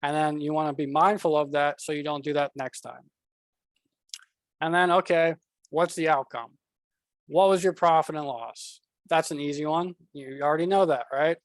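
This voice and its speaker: A man with a slightly high voice talks bluntly to his viewers about trading habits, circling back over his points in a loose, casual way. The sound is dry and close, with no room echo. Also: fairly even intonation, normal speed. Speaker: trading coach. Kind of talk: casual slideshow talk.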